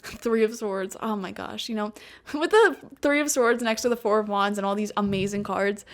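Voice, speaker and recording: A woman with a medium-pitched voice talks at a moderate pace as she gives her viewers a casual tarot reading. She's chatty and laughs often, filling her speech with "like" and "you know." She's in a room at home with a cat.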